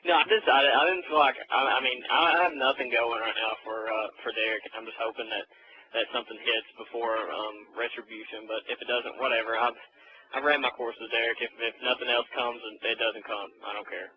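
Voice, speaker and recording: A man's voice: medium pitch, fairly even intonation, fairly quick. A man co-hosting a casual podcast, joking and teasing the others. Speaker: podcast co-host. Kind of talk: casual chat. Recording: muffled audio with faint hiss.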